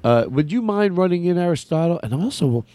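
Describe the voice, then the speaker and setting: A male comedy podcast host with a mellow, dark tone and a lively pitch range. He stops and restarts often, sounding unsure of himself, in a dry, close sound. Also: no room sound. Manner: halting, nervous, self-deprecating. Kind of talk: improvised comedy podcast chat.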